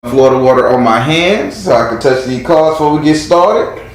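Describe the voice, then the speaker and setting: A man's voice: medium pitch, normal speed. Chatty male tarot reader in an echoey room. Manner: chatty and informal, calls on spirit. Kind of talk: casual live tarot reading. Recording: very echoey room with faint noise.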